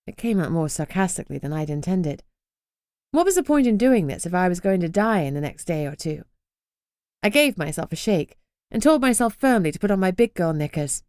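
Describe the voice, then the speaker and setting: A woman's voice: lowish voice, sing-song, brisk, a little mellow, no room sound, studio quality. A woman narrating a first-person urban fantasy audiobook in a wry, sardonic way.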